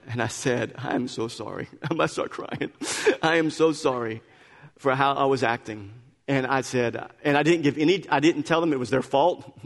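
A male pastor preaching a sermon, telling a personal story with animated swings between quiet confession and loud exclamation. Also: mid-range voice. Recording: echoey hall.

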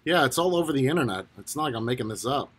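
Giggly, lively-voiced male streamer. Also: medium pitch, very fast, husky. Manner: giggly, breaks into laughter; relaxed, swears casually. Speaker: livestream host reading chat. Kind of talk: casual live-stream chat.

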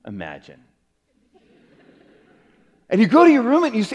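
A middle-aged man preaching a sermon as a pastor, earnest, rising to emphatic peaks and dropping to soft low phrases. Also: huge pitch swings, moderate pace, pauses often. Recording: long hall reverb.

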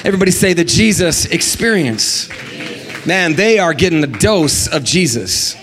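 A man preaching a sermon as pastor, animated and sing-song, leading the congregation in call-and-response. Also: on the high side, moderate pace, soft background music.

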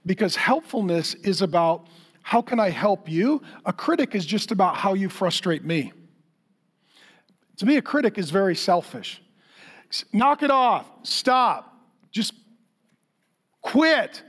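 High-voiced man preaching with lively humor. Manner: lively storytelling, acts out quotes for humor; addresses the congregation directly with questions. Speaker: pastor. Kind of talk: sermon.

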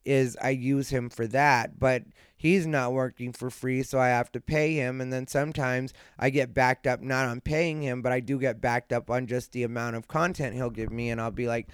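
A man hosting a solo podcast at night, rambling in a laid-back way, sleepy and yawning, with a slight lisp, talking from a dark room at home. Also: medium pitch, clean tone, no room sound, clean studio sound. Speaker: podcast host and comedian. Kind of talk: casual solo podcast monologue. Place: dark room at home, lying beside his dog.

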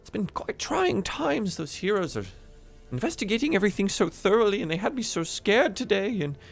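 Man doing a shrill, panicky lady professor. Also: big pitch swings, fairly quick, gravelly, soft background music, heavily acted. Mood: fretful. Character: frantic female school professor.

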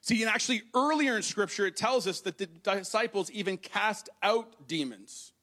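A man's voice: sits high, expressive, normal speed, sharp tone. A man preaching a sermon to a congregation, reading scripture aloud and explaining it in a conversational way. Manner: addresses the congregation directly. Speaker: pastor. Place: church hall with congregation.

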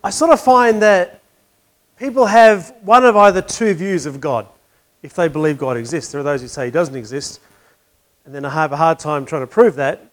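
High-voiced man preaching a sermon. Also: moderate pace. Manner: conversational, questioning, wry. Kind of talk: sermon with a told joke.

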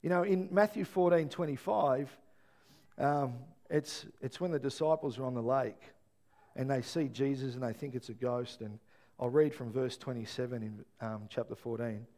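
A middle-aged man, preaching a sermon and telling family stories with animated, acted-out voices. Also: medium pitch, moderate pace. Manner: animated storytelling, acts out voices. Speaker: pastor.

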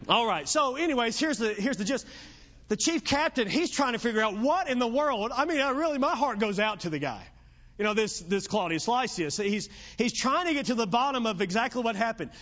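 A man's voice: very high voice, lively intonation, fairly quick, fairly bright tone, muffled recording. A man preaching an evening sermon in a conversational, joking storytelling manner.

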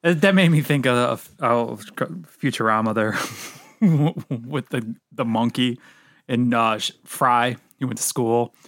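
A man's voice: mid-range voice, a little slow, a bit bright, no echo, studio quality. A man in casual chat who talks emphatically and swears often. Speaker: podcast co-host.

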